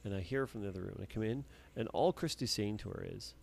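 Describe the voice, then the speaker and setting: A man's voice: fairly low pitch, quick pace, gravelly. A man co-hosting a podcast, rambling casually and swearing freely. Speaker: podcast co-host. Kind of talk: casual chat.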